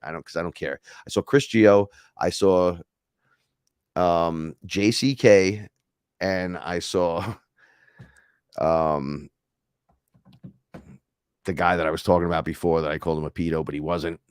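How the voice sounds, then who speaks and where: A man's voice: sits low, steady tone, a little slow, long pauses, smooth, dry recording, studio quality. A man hosting a casual livestream, talking in a heated, rambling, profane way. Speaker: podcast host.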